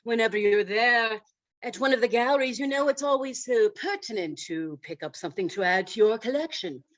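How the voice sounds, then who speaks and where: A woman voicing an elegant, persistent male art dealer with courteous, suave sales patter, pitched lower than her own voice. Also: lively intonation, brisk, lo-fi sound, close to an everyday voice. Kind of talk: humorous speech impression.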